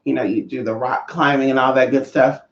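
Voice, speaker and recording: A man in his thirties chatting casually on a livestream, sassy and expressive. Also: fairly quick. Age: 30s. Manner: sassy, expressive, swings pitch a lot. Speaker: livestream host. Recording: roomy dull lo-fi sound.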